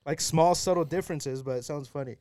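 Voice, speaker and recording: A man's voice: a little high, brisk, a little mellow, clear, resonant tone, dry recording, clean studio sound. A man in casual podcast chat, telling rambling stories and laughing as he goes.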